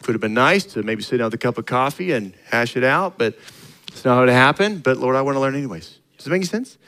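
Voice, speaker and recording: Man, pastor, sermon, conversational, acts out dialogues, bright tone. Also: medium pitch, animated, fast talker, rough recording. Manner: conversational preaching, acting out dialogues, rising to emphatic.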